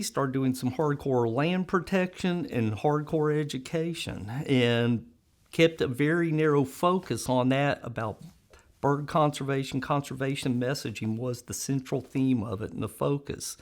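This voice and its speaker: Animated man telling stories. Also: mid-range voice, unhurried. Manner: animated storyteller, acts out quoted voices, laughs often. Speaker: interviewee. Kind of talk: conversational storytelling interview.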